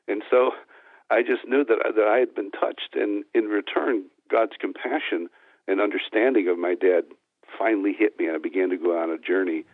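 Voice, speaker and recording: Appearing as an interview guest, a man gives an earnest personal testimony, telling it step by step and restarting often. His voice is fairly low with fairly even intonation and a moderate pace, and the recording is dry and tinny, like a phone, with no echo.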